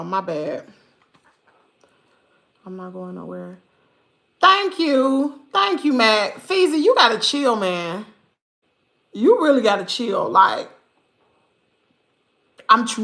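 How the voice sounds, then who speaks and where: A livestream channel host from the US South, Mississippi specifically, chats with her viewers in a Southern accent, exclaiming often before she scolds the chat. Her slightly high voice is pushed and bright, with vocal fry.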